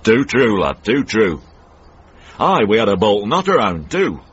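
An actor playing a cantankerous older northern man in a radio comedy drama, blunt and gruff with a Northern English accent. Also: fairly low pitch, sing-song, a little slow, fairly bright tone, heavily acted. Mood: grumbling. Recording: dull old radio broadcast.

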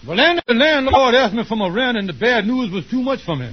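An actor playing a scheming, smooth-talking con man who groans theatrically in 1940s radio acting, on a dull old radio broadcast. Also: very high-pitched, very animated, fast talker, full character voice. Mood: self-pitying.

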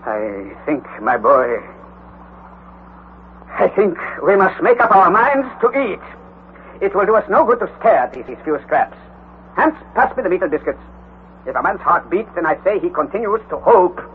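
A booming, commanding old professor-explorer. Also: male voice, big pitch swings, normal speed, long pauses. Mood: steady, resolute. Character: elderly male professor explorer, bold, commanding. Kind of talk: 1940s radio acting. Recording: tinny, hissy old radio broadcast.

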